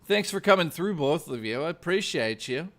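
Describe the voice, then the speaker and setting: On a livestream, a man with a highish, animated, somewhat bright voice chats casually at a moderate pace. He reads viewer messages aloud and jokes constantly, swearing plenty along the way.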